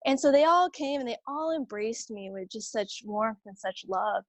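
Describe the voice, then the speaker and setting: A religious sister telling a personal story in a conversation, animated and chatty, acting out what others said. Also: female voice, fairly high pitch, moderate pace, no echo. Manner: animated, acts out quoted voices; chatty, many fillers and restarts.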